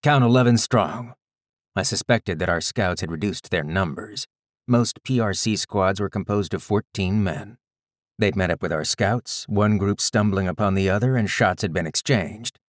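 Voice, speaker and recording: A man reading a first-person story aloud in a measured, gritty storytelling manner. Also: deep voice, no echo, studio quality. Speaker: audiobook narrator. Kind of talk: scripted first-person narration.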